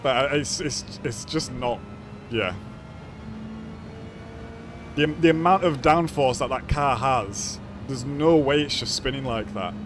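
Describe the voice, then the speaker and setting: A man's voice: medium pitch, takes it slowly, long pauses, noisy background. A man from Yorkshire with a Yorkshire accent, chatting casually with his viewers while commentating his own live racing gameplay. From Yorkshire, England. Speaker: streamer.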